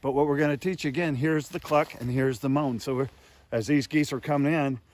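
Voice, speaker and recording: A man's voice: medium pitch, steady tone, fairly quick, a little mellow, slight background noise. Emphatic man teaching goose calling. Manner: folksy, emphatic, calls the audience "guys". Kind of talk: hands-on how-to lesson.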